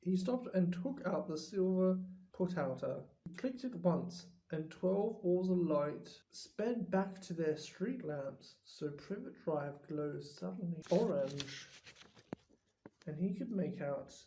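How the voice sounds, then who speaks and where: An audiobook reader giving expressive, scripted storybook narration. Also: mid-range voice, poor audio. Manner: slow and expressive.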